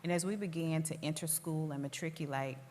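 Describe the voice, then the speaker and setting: A woman's voice: sits low, brisk, a little mellow. A woman in her forties with a Southern Tennessee accent, speaking earnestly with frequent fillers as an interviewee in a community conversation. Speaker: school district leader interviewee. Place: public library hall. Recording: reverberant hall sound.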